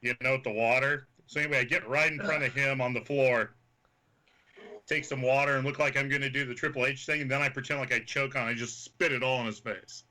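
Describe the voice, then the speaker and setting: A fast-talking man with a mid-range voice, a wrestler from Kansas, is a guest in a casual chat. He animatedly tells profane anecdotes packed with quoted voices.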